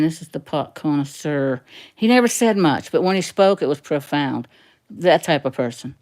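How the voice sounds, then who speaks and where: A woman's voice: sits low, darkish tone. A middle-aged woman rambling casually through old family photos, laughing often as she tells stories. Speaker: livestream host.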